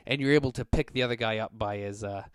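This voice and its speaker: A man's voice: lowish voice, fast, clear, resonant tone, no echo, studio quality. A man running a tabletop game as game master, narrating in a loose, rambling way with plenty of fillers. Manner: relaxed and rambling, many fillers.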